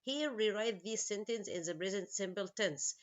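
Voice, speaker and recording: A woman English teacher, a non-native speaker whose first language is Arabic, explains vocabulary and grammar slowly, asks her students questions and makes small grammar slips. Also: medium pitch, expressive. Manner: slow, explains each word and asks questions. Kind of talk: online English lesson. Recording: slightly dull lo-fi recording.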